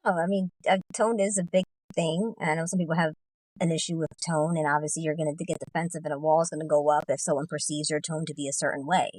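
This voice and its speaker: Even-toned woman guest, low-ish voice. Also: fast, no echo, rough recording. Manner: even, monotone delivery. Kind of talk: casual discussion.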